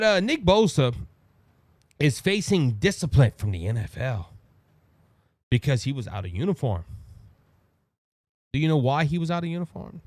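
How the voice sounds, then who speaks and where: A man with a Cajun Louisiana accent hosting his own show, giving animated, mocking political commentary full of restarts and asides. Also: fairly high pitch, no room sound. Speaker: podcast host.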